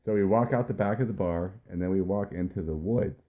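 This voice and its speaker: A man's voice: deep voice, a little fast, phone-quality sound. A man hosting a podcast, casually telling a rambling personal story. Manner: laid-back, rambling anecdote telling. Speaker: podcast host.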